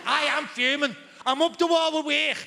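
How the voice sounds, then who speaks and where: A man putting on a loud, fuming Liverpool man with a Liverpool accent, ranting on stage. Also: extremely high pitch, fairly even intonation, normal speed, gravelly, pitched above the performer's own voice, full character voice. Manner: shouting, wound-up rant. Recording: large reverberant theatre hall.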